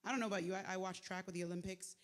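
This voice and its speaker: A woman giving a live motivational faith talk, conversational and lively, with slangy asides to the crowd. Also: lowish voice, very fast. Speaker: speaker at a faith event. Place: large venue, live event. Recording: echoey hall with long reverb.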